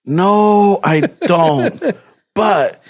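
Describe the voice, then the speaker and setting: A man's voice: sits high, extremely slow. A man telling a story on a podcast, cursing, acting out dialogue and mixing in Spanish slang. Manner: profane, animated, acts out dialogue, mixes Spanish slang. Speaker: podcast co-host. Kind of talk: casual storytelling chat.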